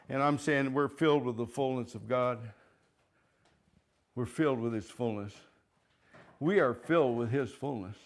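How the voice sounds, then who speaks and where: A man preaching a sermon, fervent and emphatic, repeating phrases and swinging between loud declarations and quiet asides. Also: medium pitch, clear, resonant tone. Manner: fervent, rising and falling in loudness, chuckles between points.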